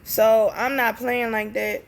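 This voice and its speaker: Young woman ranting thru a storytime, kinda high voice, cusses a lot, plays out all the back and forth. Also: takes it slowly, vocal fry. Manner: blunt, profane, animated retelling with quoted dialogue. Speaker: storytime vlogger. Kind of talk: casual storytelling.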